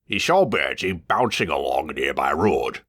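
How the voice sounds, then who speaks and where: Deep, lively storybook narrator man. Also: normal speed. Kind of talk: storybook reading.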